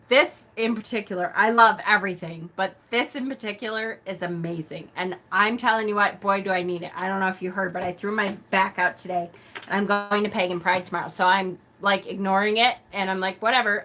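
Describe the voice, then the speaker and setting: A woman hosting a casual live stream, a self-described loud talker who gushes and laughs often. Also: medium pitch.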